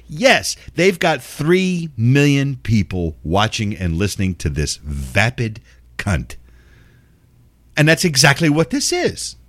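Older male host, cranky and foul-mouthed, voice swinging high and low. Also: sing-song, slow, fairly bright tone. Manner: cranky, sarcastic, swears constantly. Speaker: radio and podcast host. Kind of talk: profane ranting commentary.

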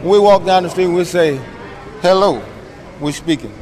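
A man's voice: high-pitched, fast. A man telling stories in a casual chat, acting out voices as he goes. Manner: animated storyteller, acts out voices. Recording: noisy outdoor street recording.

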